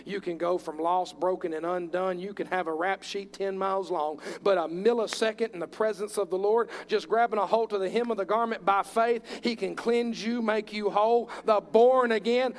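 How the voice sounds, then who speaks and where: A man's voice: sits high, fairly even intonation, normal speed, few pauses. A man preaching a sermon with passion, acting out voices from scripture as he tells the stories. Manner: impassioned, acts out bible voices.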